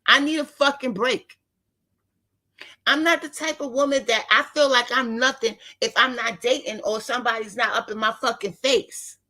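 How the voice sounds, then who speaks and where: Talking to her live audience, a woman in her fifties delivers a blunt, foul-mouthed, casual rant. She speaks at a moderate pace in a highish, bright and forceful voice.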